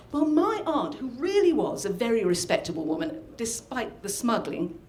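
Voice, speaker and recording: A woman from the north of England, performing a personal story live with animated, dramatic delivery. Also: high-pitched, roomy sound, slight background noise. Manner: animated, dramatic, acts out scenes. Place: storytelling event venue.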